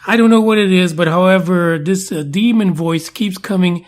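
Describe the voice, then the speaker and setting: A man's voice: high voice, moderate pace. A man hosting a podcast in a casual, jokey, chatty way with playful asides. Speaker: podcast host.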